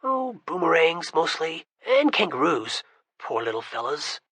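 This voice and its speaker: A man's voice: on the high side, very animated, measured pace, bright, forceful tone, husky, no echo, exaggerated voice. A man voicing a joking teenage boy who puts on a mock Australian accent.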